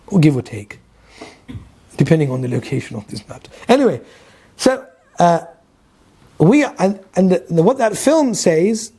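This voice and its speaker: Husky London-accented male Quran teacher. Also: high-pitched, a little mellow. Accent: London English. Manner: conversational, questions the audience, storytelling asides. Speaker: Islamic teacher. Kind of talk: Quran lecture to a class.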